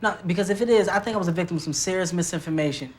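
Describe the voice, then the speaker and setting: A man's voice: high voice, very fast, lightly acted. An actor in his twenties playing an indecisive young boyfriend who stammers and hesitates nervously in a sitcom. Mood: flustered. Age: 20s. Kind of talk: sitcom acting.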